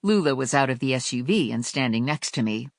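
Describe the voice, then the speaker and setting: A woman narrating a first-person crime audiobook with wry, expressive storytelling. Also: rumbling low, a little fast, no room sound, studio quality. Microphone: close studio mic.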